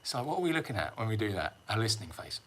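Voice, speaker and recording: A middle-aged man chats loosely to his viewers, drifting off topic and laughing at his own jokes. His voice sits fairly low but comes across bright and forceful. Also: very animated, racing, slight background noise. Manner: rambling, self-mocking, chuckles often. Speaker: sanctuary livestream host. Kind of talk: casual livestream chat.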